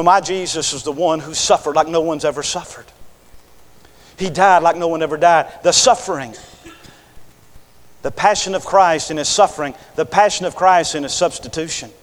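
Fervent preacher in a reverberant hall. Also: male voice, on the high side, brisk. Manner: swings between loud impassioned preaching and hushed, intimate delivery; reads scripture in King James wording with fervor. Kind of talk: revival sermon.

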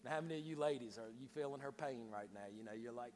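A man's voice: mid-range voice, racing, a little mellow, slight background noise. A man preaching a sermon, telling folksy family stories with jokes and often repeating his words as he builds his point. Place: church sanctuary. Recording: long reverb of a church hall.

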